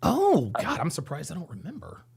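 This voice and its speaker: A man hosting a live call-in stream, chatting casually and reacting in quick, agreeable bursts. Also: a little high, wildly swooping pitch, vocal fry, a little mellow, husky. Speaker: livestream host.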